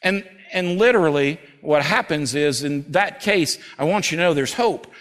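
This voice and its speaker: A man preaching a sermon as pastor at a church service, who swings between loud, urgent stretches and slow, hushed scripture reading. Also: a little high, lively intonation. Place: church service before a congregation.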